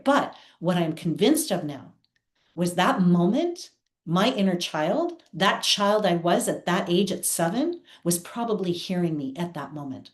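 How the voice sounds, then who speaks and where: A woman guest on an interview show, telling personal stories in an earnest, heartfelt way. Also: medium pitch. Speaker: guest, theatre producer. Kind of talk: candid personal storytelling. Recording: roomy echo.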